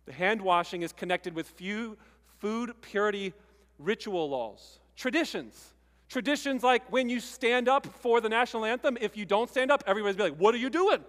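High-voiced man preaching in a reverberant hall. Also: animated, fairly bright tone. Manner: conversational preaching, emphatic with pauses. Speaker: pastor. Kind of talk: sermon.

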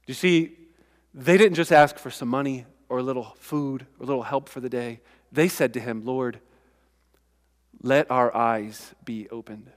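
Pastor, man, slightly high voice, conversational emphatic sermon, long hall reverb. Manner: conversational, emphatic preaching with asides.

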